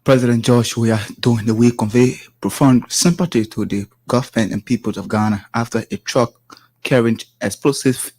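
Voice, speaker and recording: A man reads a news report, halting with restarts. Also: lowish voice, a little mellow, dry recording, low-quality recording. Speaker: newsreader. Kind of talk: scripted news reading.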